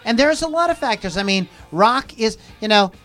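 Casual male podcast host, high-pitched, rambling, faint music underneath. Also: expressive, normal speed, fairly bright tone. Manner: rambling, self-interrupting, reads out viewer comments. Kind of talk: casual chat on a live podcast.

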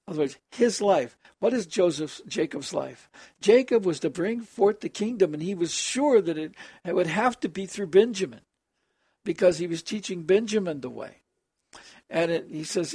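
Male preacher-host, high gravelly voice, earnest verse-by-verse teaching, dry close sound. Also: animated, normal speed, a little mellow, dry recording. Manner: earnest, explains scripture line by line. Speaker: preacher hosting a call-in program. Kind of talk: evening scripture teaching.

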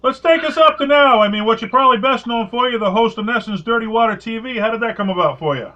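A man hosting a casual interview, chiming in with quick agreement and jokes. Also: extremely high pitch, bright, forceful tone. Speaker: podcast host. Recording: muffled lo-fi audio.

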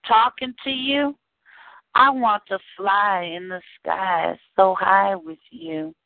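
A woman's voice: mid-range voice, no room sound. A woman hosting a radio poetry show, reciting her own poem with a repeated refrain. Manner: measured, refrain-driven recitation. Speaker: radio show host and poet. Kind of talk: slow poetry reading. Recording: tinny phone line.

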